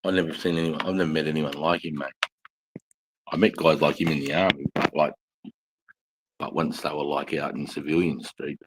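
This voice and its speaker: A man's voice: extremely low pitch, fairly even intonation, a little fast, pauses often, noisy background. An Australian man telling crude, slang-filled stories in casual chat. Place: bar.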